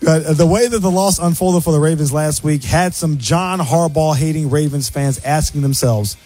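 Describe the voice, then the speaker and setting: A man hosting a sports radio show, giving quick, opinionated game analysis. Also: on the high side, dark tone, faint music behind.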